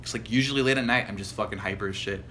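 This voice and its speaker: A man's voice: fairly low pitch, very fast, pushed and bright, a little hiss or hum. A young man telling rambling, profane stories as co-host of a casual podcast. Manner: rambling storyteller, heavy swearing, mocking quoted voices. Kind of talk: casual chat.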